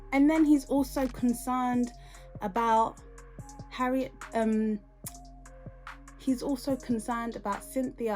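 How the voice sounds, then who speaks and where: A woman's voice: fairly high pitch, darkish tone. Indignant British woman podcaster. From United Kingdom. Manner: indignant, rhetorical questioning. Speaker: podcast host. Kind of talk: reaction podcast commentary.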